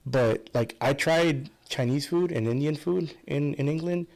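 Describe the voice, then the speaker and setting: A man's voice: fairly high pitch, measured pace, gravelly, a little mellow. A man telling rambling stories in a casual podcast chat, full of restarts and fillers. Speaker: podcast guest.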